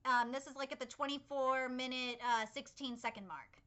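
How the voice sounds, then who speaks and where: A young woman hosting a live anime reaction, excitable and rambling, swearing freely as she comments. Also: high voice, moderate pace.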